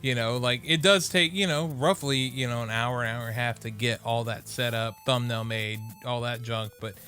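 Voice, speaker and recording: A man's voice: medium pitch, fairly even intonation, moderate pace, bright, forceful tone, faint music behind. A man co-hosting an anime podcast, talking casually in a loose, rambling way. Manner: rambling, hesitant with fillers. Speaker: podcast co-host. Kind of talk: casual chat.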